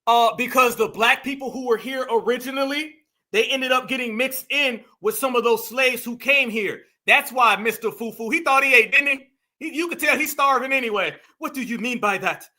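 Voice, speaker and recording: A man's voice: very high-pitched, normal speed, sharp tone. A man hosting heated reaction commentary, mocking and emphatic, talking straight to his viewers. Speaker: commentary host.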